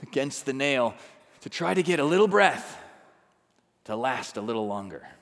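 Lively-voiced male pastor preaching in a hall. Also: mid-range voice, normal speed. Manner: dynamic, swings from hushed to emphatic. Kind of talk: sermon.

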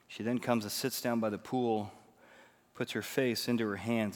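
A man's voice: on the low side, steady tone, moderate pace. Preaching man in a reverberant hall. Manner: swings between hushed storytelling and loud emphatic preaching. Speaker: pastor. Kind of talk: sermon. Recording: long reverb of a large hall.

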